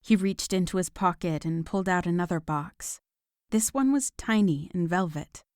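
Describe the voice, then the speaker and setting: A woman narrating a romance audiobook in a calm, even storytelling manner. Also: on the low side, moderate pace, clear, resonant tone, dry recording, clean studio sound. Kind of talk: scripted narration.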